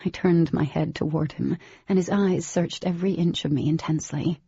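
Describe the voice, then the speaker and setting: A woman giving scripted first-person audiobook narration in a steady, even storytelling manner. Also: lowish voice, normal speed, gravelly, husky, dry recording, muffled recording.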